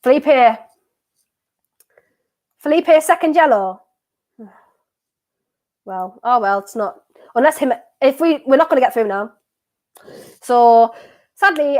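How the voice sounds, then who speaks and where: A young woman, live-streaming her reactions to a football match and chatting to viewers. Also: on the high side. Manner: excitable, swings from laughing to dejected, talks to viewers. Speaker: streamer hosting a football watchalong.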